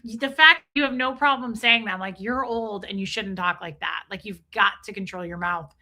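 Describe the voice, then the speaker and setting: This streamer, a young adult woman, speaks in a mid-range voice at normal speed, casually and animatedly telling a story while stopping to welcome viewers.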